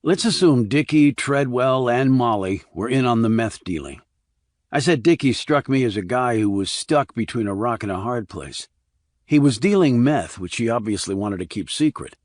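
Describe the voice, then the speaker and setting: A man reading the part of a calm, blunt male army investigator, terse and level. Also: mid-range voice, moderate pace, no echo, studio quality, lightly acted. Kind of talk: audiobook character reading.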